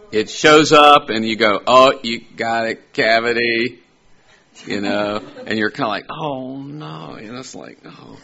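A man's voice: medium pitch, gravelly, bright, forceful tone, breathy edge, muffled recording. A man preaching a sermon in a conversational way, full of rhetorical questions and everyday examples, rising to emphatic peaks.

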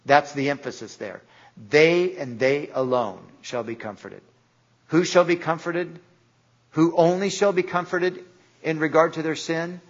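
A man's voice: mid-range voice, breathy edge, lo-fi sound. A man preaching a sermon in an earnest way, sometimes acting out the voices in the stories he tells. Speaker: pastor.

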